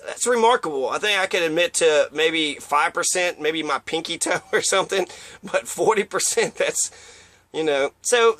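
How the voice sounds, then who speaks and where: Rambling, profane man with a higher voice. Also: a bit bright. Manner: rambling, profane, acts out quotes in mocking voices. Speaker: commentator. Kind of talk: casual opinion monologue.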